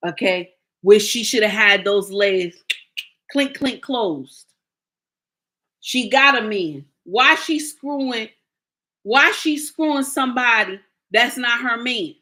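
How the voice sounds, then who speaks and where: A woman's voice: a little high, measured pace, bright, forceful tone. A woman, ranting in a sassy, indignant casual monologue to her viewers and acting out the people she quotes. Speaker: commentator.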